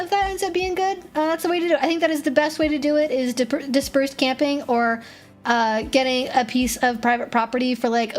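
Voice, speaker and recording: A woman hosting a casual livestream Q&A, blunt and profane, telling animated stories. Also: sits high. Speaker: streamer hosting a Q&A.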